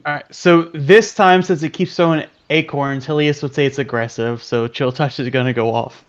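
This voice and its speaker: A man speaks confidently in character during a tabletop game. His voice sits a little high. The recording sounds somewhat dull. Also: steady tone, moderate pace. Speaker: player. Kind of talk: tabletop role-play.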